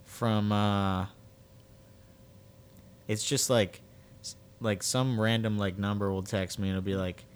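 A man's voice: on the low side, fairly even intonation, takes it slowly, long pauses, smooth. A young man co-hosting a podcast, telling a long story in a rambling, casual way with lots of fillers and acted quotes. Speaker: podcast co-host.

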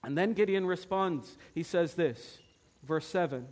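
Casting: male preacher, high-pitched, storytelling sermon. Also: unhurried, a little mellow. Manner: storytelling, acting out voices.

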